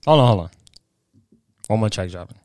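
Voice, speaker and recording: A man's voice: on the low side, animated, brisk, a little mellow, no room sound, studio quality. A man co-hosting a podcast in an easygoing, slangy way, introducing topics and games. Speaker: podcast co-host leading segments. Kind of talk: casual podcast chat.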